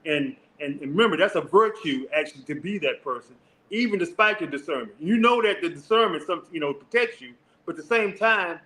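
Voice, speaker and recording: Calm, encouraging male co-host. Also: on the high side, brisk. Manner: calm, encouraging, asks "right?" often. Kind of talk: reflective advice talk.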